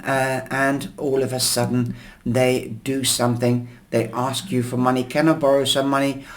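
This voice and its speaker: Slow, hoarse male tea leaf reader. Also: mid-range voice. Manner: unhurried, explanatory, many pauses and fillers. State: losing his voice, coughing. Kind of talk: slow reading of tea leaves.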